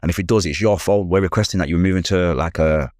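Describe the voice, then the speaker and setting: A middle-aged Mancunian man from England, appearing as a podcast guest, races through an emotional personal story, slipping into the voices of people he quotes. He speaks in quick, loose street slang with a slightly low, darkish voice. The recording is close and dry, with no room sound.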